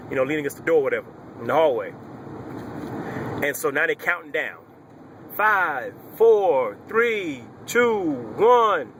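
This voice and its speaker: A young man casually retelling a personal story, animated and slangy, with lots of fillers. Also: a little high, noisy background.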